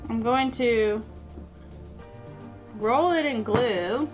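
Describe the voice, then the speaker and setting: High-voiced chatty woman crafting vlogger. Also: extremely slow, faint music behind. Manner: chatty and self-mocking. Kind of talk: casual crafting vlog.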